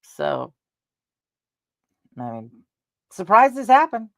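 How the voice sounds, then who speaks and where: A woman's voice: fairly high pitch, wildly swooping pitch, very slow, no room sound. A middle-aged woman chatting casually to her viewers, rambling through personal stories and laughing along the way. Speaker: vlogger.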